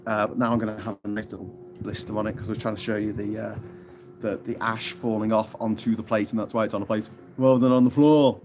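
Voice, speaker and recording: A man's voice: on the low side, level tone, fast, a little mellow, slight background noise. A man hosting a live stream from outdoors, rambling, swearing and laughing as he reads out viewer comments. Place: hammock on an island lagoon, outdoors.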